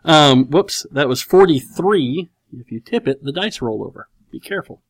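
A man's voice: a little high, animated, normal speed. A man hosting a casual talk show, reading out listener questions in a rambling way, with dry, sarcastic humor. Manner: rambling, full of "like" and "you know". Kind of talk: casual chat.

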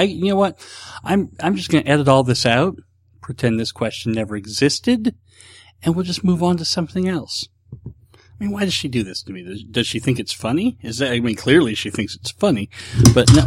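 A man's voice: mid-range voice, breathy edge, no room sound. A man hosting a casual podcast, rambling and self-deprecating as he reads listener questions. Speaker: podcast host. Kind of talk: casual solo podcast chat.

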